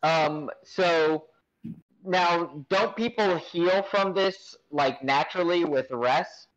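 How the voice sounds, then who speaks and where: A man's voice: fairly high pitch, slow, muffled recording. A man playing in an online tabletop game, earnest and filling his talk with "like". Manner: fills with "like", earnest. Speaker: player. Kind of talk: casual game chat.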